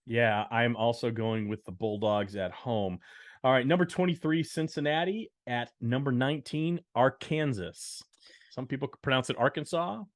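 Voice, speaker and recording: A man's voice: medium pitch, normal speed, no echo. A man co-hosting a podcast, upbeat as he announces football picks, with dry asides. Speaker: podcast co-host. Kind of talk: casual sports-picks chat.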